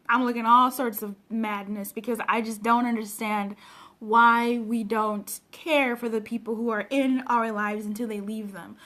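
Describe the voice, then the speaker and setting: High-voiced earnest coach woman, emotional. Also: a bit bright. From Africa. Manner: earnest, emotional, talks straight to viewers. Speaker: personal development coach. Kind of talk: live-stream chat reading viewer comments. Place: home, unprepared for the stream.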